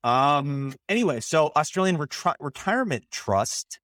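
A man's voice: fairly high pitch, sing-song, moderate pace, a bit bright. A man co-hosting a podcast, chatting loosely and joking, with swearing and plenty of fillers. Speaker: podcast co-host. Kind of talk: casual chat.

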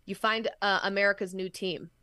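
A woman co-hosting a sports podcast who pushes back with firm, blunt points. Her voice is bright and tense. The recording is dry and close. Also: mid-range voice, fairly even intonation, normal speed, dry recording. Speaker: podcast co-host. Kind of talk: casual sports debate.

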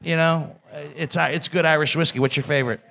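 A man's voice: fairly high pitch, steady tone, a little fast, creaky, sharp tone. A man hosting a casual interview, asking questions in a jokey, chatty way. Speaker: radio host.

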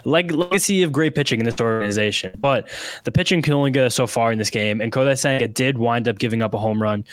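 A man co-hosting a podcast in casual sports chat, excitable and full of fillers. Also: mid-range voice. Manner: excitable, rapid, lots of fillers. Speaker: podcast co-host. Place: Brooklyn room.

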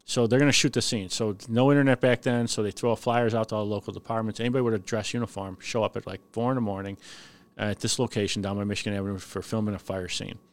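A man's voice: fairly low pitch, fast. A man telling a rowdy firehouse story. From Chicago area. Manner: animated, profane, shouts when quoting. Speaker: retired firefighter guest. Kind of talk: casual storytelling.

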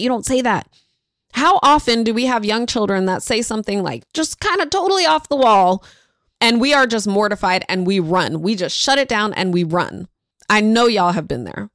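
A woman hosts a parenting show and talks straight to her listeners with earnest, instructive directness. Her voice sits at a middle pitch, and the recording is dry and close. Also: dry recording. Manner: direct, warmly instructive, addresses listeners as y'all. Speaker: parenting podcast host. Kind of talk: earnest advice talk.

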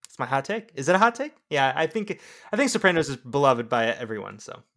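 A man's voice: mid-range voice, very animated, a little fast, a bit bright. A man co-hosting a film review podcast, chatting casually and teasing the others. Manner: playful, teasing. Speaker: podcast co-host. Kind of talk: casual chat.

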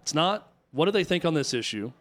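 A man's voice: fairly high pitch, expressive, fairly quick, a bit bright. A man co-hosting a sports talk radio show, arguing his point with emphatic, repeated rhetorical questions. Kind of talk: opinionated talk radio commentary.

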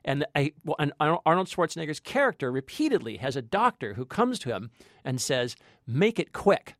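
A man's voice: a little high, big pitch swings, brisk, fairly bright tone, dry recording, studio quality. A man co-hosting a film review chat, emphatic and sardonic as he tears into a movie. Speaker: co-host.

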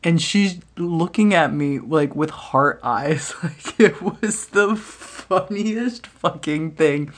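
A woman's voice: sits low, takes it slowly, hardly any pauses. A woman hosting a podcast who tells stories in a rambling, casual way, laughing often and swearing freely. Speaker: podcast host. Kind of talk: casual storytelling monologue.

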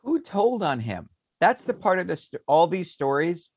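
A man's voice: sits high, moderate pace, slightly rough, no room sound, studio quality. A man co-hosting a casual podcast chat, telling stories with lots of laughter. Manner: animated storyteller, laughs often. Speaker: podcast co-host.

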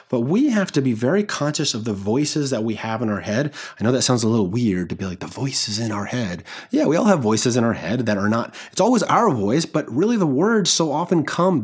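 Lively, husky-voiced male podcast host. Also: mid-range voice. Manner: earnest, encouraging, talks to himself and his listeners directly. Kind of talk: motivational self-help podcast monologue.

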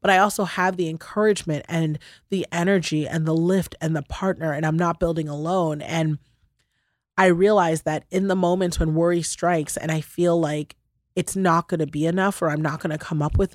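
A woman's voice: deep voice, no room sound, studio quality. A woman hosting a podcast, telling personal stories in a casual, heartfelt chat with lots of laughter. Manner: animated, laughing, gushing storyteller. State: briefly choked up. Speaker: podcast host.

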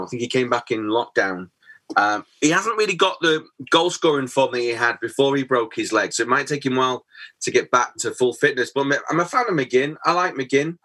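A man hosting a casual football podcast, talking through the match in a quick, chatty way. His voice is bright and forward, with a middling pitch for a man. He is recorded close on a studio microphone. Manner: chatty, quick analytical talk. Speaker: podcast host.

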